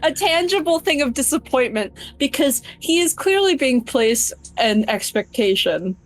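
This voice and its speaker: A woman playing her character in a tabletop game, talking slowly and thoughtfully about him, with bursts of loud laughing exclamations. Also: high-pitched, lively intonation, rough recording.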